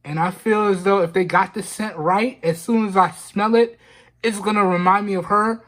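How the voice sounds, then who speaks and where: A product-review vlogger unboxes something while holding back tears, talking casually and often repeating himself, with lots of "man" and "y'all." His voice sits high with a steady, fairly bright tone at a normal speed.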